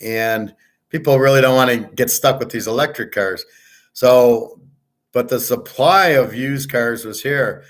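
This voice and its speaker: A man's voice: mid-range voice, a little slow. A man from the United States hosting a live sports betting show, chatting casually with viewers in a blunt, rambling way and swearing freely. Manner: opinionated, tells long anecdotes. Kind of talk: casual live-stream chat, reading viewer comments.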